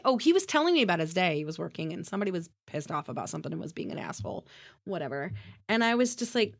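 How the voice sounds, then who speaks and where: A woman's voice: on the low side, sing-song, racing. A woman co-hosting a podcast, telling a story in a heated, profane rant. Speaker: podcast co-host. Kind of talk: casual chat.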